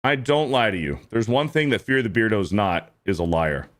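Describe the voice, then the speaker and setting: A man in his thirties holds forth on his stream, ranting about the clips he watches with lots of swearing and repetition. His pitch swings widely from low grumbles to high outbursts. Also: fairly quick. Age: 30s. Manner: animated, repetitive, profane ranting. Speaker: streamer host reacting to clips. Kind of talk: casual reaction commentary.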